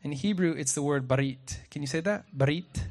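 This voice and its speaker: At sunset, a man preaches a sermon outdoors in a lively, joking way, his voice fairly high and his pace fairly quick. He frequently asks the crowd questions and reads scripture aloud.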